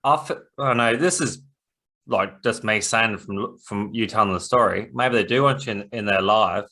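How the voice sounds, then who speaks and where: A man's voice: on the low side, normal speed, sharp tone. A man hosting a podcast, talking in a casual, encouraging way and offering suggestions. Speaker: podcast host. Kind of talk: conversational interview.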